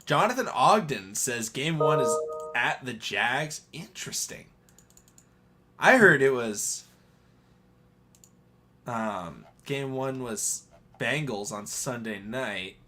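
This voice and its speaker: Casting note: male co-host, bright ringing tone, rambling live-stream sports talk. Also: mid-range voice, lively intonation, takes it slowly, pauses often. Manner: rambling, hesitant, laughs often. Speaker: podcast co-host.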